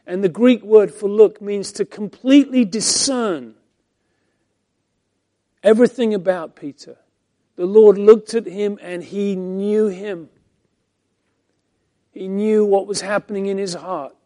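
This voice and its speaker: A man preaching a Bible-teaching sermon as pastor, swinging between emphatic lines and hushed ones. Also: high voice, fairly even intonation, slow, long pauses.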